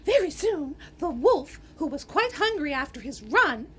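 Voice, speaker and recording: High, animated woman reading a fairy tale. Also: measured pace. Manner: animated, gasping and adding playful asides. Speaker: storyteller.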